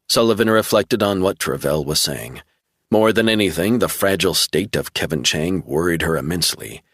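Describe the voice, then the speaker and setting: Man, audiobook narrator, low lively voice, dry studio sound. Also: moderate pace, no echo. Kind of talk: scripted narration.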